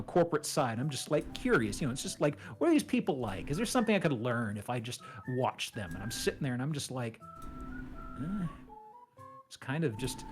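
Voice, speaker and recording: Man, guest on a chat stream, rambling, animated, voice swinging up and down, middle pitch. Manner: rambling, animated storytelling with laughs. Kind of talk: casual chat.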